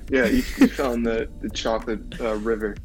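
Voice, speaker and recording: A teenage boy guesting on a homemade podcast, telling stories in a loose, rambling way. His voice sits at an ordinary middle pitch. He keeps restarting sentences and laughing along as he talks. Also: wildly swooping pitch, normal speed, creaky, over music, rough recording. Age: teens. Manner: rambling storytelling, filler-heavy with restarts and laughs. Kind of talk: casual chat.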